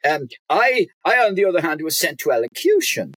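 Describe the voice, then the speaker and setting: A man with an Irish accent, a doctor talking as a guest in a casual chat, wry and teasing, with halting restarts. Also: on the high side, sing-song, a bit bright, no echo. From Ireland.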